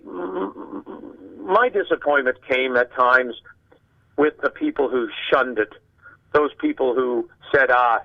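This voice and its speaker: An older man from Canada, a guest sportscaster, chatting casually and telling animated anecdotes with acted-out dialogue. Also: medium pitch, highs cut off. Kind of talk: casual conversation, storytelling.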